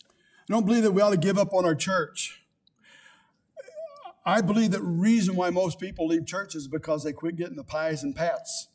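A man's voice: high voice, steady tone, moderate pace, pauses often, darkish tone. An older man, a pastor, preaching a sermon with rising emphasis and quoted scripture.

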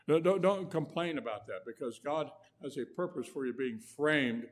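A man preaching a sermon in a folksy way, telling homespun stories and often repeating his words. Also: medium pitch. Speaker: guest preacher.

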